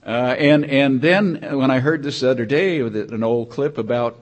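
A man's voice: mid-range voice, normal speed. An older man preaching a sermon in a conversational, rambling way, with many restarts and repeated words.

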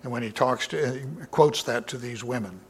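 A man teaching from the Bible in a sermon, reading passages with lifted emphasis and then explaining them plainly. He talks in an unpolished, conversational way, with fillers and restarts, and clears his throat now and then. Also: mid-range voice, normal speed. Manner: reads scripture aloud with raised emphasis, then explains casually with fillers.

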